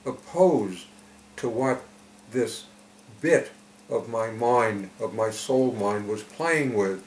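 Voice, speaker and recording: A man giving a reflective spiritual talk, telling it slowly and deliberately with emphatic swells. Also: medium pitch, darkish tone. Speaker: spiritual teacher. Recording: echoey room with faint noise.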